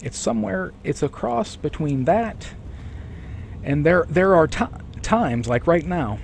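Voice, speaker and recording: A man streaming a game live, chatting with viewers in a rambling way. He keeps correcting himself and clearing a sore throat. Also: a little high, lively intonation, a little slow, slight background noise. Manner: rambling, self-correcting, reads chat aloud. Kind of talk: casual live-stream chat.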